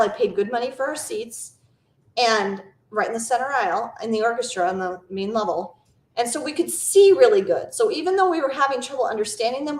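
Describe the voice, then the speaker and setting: Middle-aged female travel host, rambling and conversational, slightly high voice, roomy echo. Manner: chatty, rambling storyteller. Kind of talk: casual live Q&A chat. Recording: echoey room.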